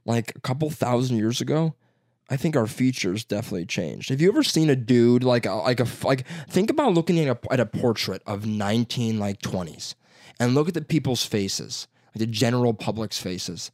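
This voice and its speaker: Chicago dude just shooting the breeze, cussing a lot, mid pitch, dead dry room. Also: male voice, lively intonation, fairly quick, a little mellow, no room sound. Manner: rambling, profane, laughing storyteller. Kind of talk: casual chat.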